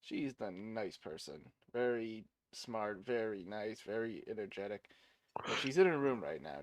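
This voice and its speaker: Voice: medium pitch, animated, a little slow. A player in a tabletop game, easygoing and hesitant, describing a character. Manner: easygoing, hesitant with 'uh, let's see'. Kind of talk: casual tabletop play.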